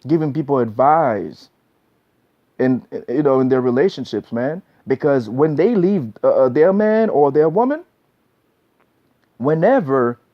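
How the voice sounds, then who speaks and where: A man's voice: medium pitch, expressive, measured pace. Blunt, preachy man giving advice. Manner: blunt, preachy, repeats himself, says "man" a lot. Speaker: relationship advice vlogger. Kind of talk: casual monologue giving advice. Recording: dull lo-fi recording.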